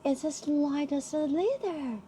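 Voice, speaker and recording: A woman's voice: measured pace, mellow, a little hiss or hum. A woman doing a squealing young lion. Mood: gushing, excited. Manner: squealing, gushing, high and eager. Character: excitable young male lion, greedy for marshmallows. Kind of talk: bedtime story reading.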